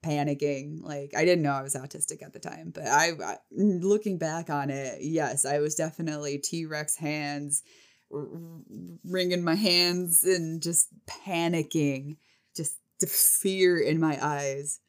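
Woman vlogger, lowish voice, lively self-mocking storytelling, rambles. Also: a little slow. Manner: animated, self-mocking, frequent laughs; rambling with restarts and fillers. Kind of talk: casual storytelling.

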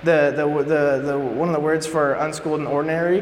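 A man preaching a casual sermon in an animated, joking way, acting out scenes, in an echoey hall with faint background noise. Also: on the high side, brisk. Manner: animated, joking, acts out quotes.

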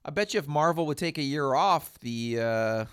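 A man's voice: a little high, lively intonation, moderate pace, smooth. A man co-hosting a casual movie chat, making wry joking asides. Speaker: podcast co-host.

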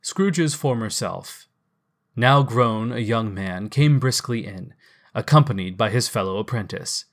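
A man narrating a classic storybook in a lively, expressive reading. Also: on the low side, a little slow.

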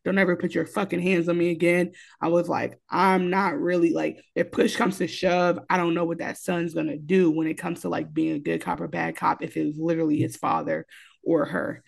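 A woman co-hosting a casual podcast recap of a TV episode, animated and profane, acting out what the characters say. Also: fairly low pitch, a little fast, creaky. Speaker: podcast co-host.

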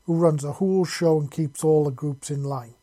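A man voicing a skinny, scraggly male raider who talks fast and yelps in panic. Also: steady tone, close to an everyday voice. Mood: nervous. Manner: fast, nervous, high-pitched yelling.

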